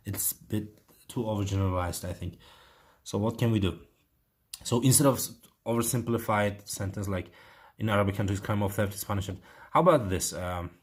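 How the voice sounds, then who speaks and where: A man's voice: lowish voice, slightly rough. A man with an Uzbek accent, teaching IELTS writing and thinking aloud with many fillers as he corrects an essay.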